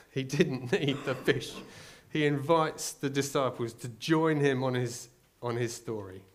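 A male preacher delivering a sermon, moving from quiet storytelling to loud, urgent exhortation. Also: medium pitch.

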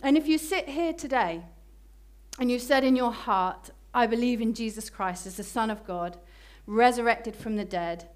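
Woman preacher, slightly high voice, emphatic sermon delivery that slows for key phrases. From Britain.

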